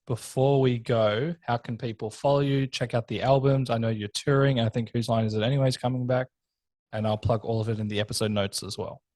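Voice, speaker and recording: A man's voice: mid-range voice, steady tone, brisk, darkish tone. A man hosting a podcast, reacting eagerly and steering the interview. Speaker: podcast host.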